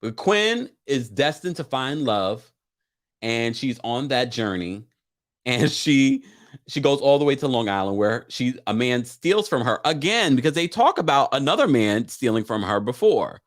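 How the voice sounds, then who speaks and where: A man's voice: mid-range voice, sing-song, measured pace. A man hosting a live recap of a TV show, talking casually and emphatically, often repeating his points. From Jamaican family. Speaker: show host.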